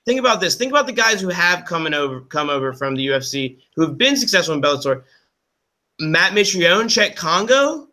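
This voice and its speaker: Laid-back guy cohost rambling about fights, kinda high bright voice, lots of "like". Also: expressive, fairly quick. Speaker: podcast co-host. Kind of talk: casual sports chat.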